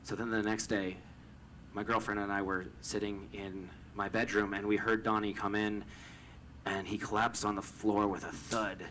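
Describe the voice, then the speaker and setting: A young man from Canada telling a personal story, stammering over repeated words and swinging from hushed to loud with emotion. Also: lowish voice, flat delivery, moderate pace, slight background noise, poor audio.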